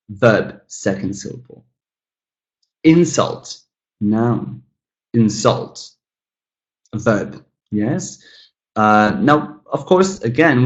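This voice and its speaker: A man teaching an English pronunciation lesson, speaking deliberately with frequent fillers and calling his listeners guys. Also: lowish voice. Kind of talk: classroom lesson on word stress.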